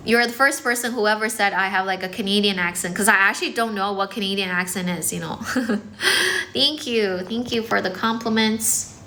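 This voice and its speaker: A woman English teacher hosting a casual livestream, chatting quickly with viewers and using lots of fillers. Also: mid-range voice, bright, forceful tone, slight background noise. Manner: fast, chatty, many fillers, mixes in some Chinese. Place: indoors, in front of a decorated background. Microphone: phone.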